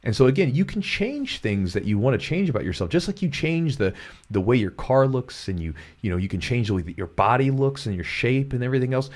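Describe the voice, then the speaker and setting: A man's voice: mid-range voice, sing-song, a little fast. A man from Kentucky hosting a podcast, talking in an earnest, motivational way and often repeating himself. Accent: neutral American, former Kentucky twang trained away. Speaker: podcast host, jiu-jitsu coach. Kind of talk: casual podcast chat.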